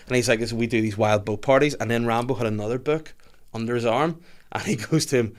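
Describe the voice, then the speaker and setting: A man telling a story on a podcast in casual chat, animated and laughing often while he acts out other people's voices. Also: medium pitch, fast talker.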